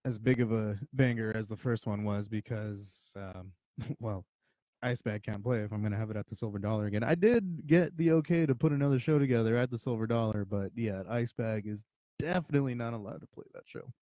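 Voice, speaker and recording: A man's voice: fairly low pitch, fairly quick, mellow, no room sound. A slightly drunk man hosting a podcast, rambling and swearing in casual chat. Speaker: podcast host.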